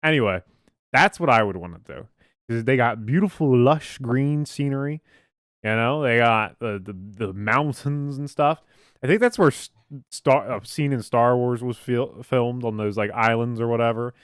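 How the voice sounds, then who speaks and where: A young man hosts a loose, casual podcast chat, teasing his friends and cracking jokes as he goes. His voice sits at an ordinary middle pitch. The sound is dry, with hardly any room in it. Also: moderate pace, clean tone, no room sound. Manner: joking, teasing, playful interrupter. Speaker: podcast host.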